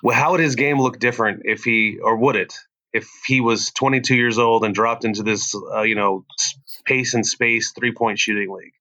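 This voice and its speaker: A man's voice: medium pitch, steady tone, normal speed, pushed and bright, low-quality recording. A male sportswriter co-hosting a podcast, easygoing and hesitant, with lots of fillers. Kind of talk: casual sports discussion.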